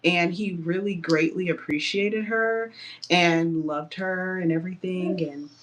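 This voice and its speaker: A young woman casually retelling a story on a livestream, chatty and animated, with playful outrage, painting her nails as she talks. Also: on the low side, measured pace, background noise.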